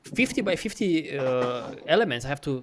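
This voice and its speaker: Animated, swearing man demoing software. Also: fairly high pitch, normal speed, noisy background. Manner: animated and profane, mimics dialogue, laughs. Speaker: co-host. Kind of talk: casual chat, screen-share demo.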